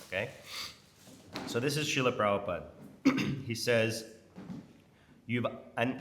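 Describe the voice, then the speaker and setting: Low-voiced man teaching in an echoey hall. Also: fairly bright tone. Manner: informal, asks the audience questions, teasing. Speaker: temple class speaker. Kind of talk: conversational scripture class. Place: temple hall with an audience. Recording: echoey hall with faint noise.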